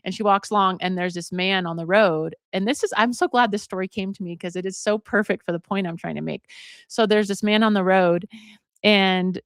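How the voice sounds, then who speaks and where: A woman's voice: fairly low pitch, steady tone, brisk, no room sound, clean studio sound. A woman hosting a livestream, casually retelling a folk tale, often stopping to correct herself. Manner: rambling, self-correcting. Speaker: host.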